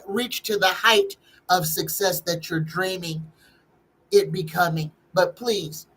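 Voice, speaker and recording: A woman's voice: lowish voice, a bit bright, breathy edge, poor audio. A woman, a psychic host chatting casually on a live-stream tarot reading, reading viewer questions aloud and greeting chatters by name.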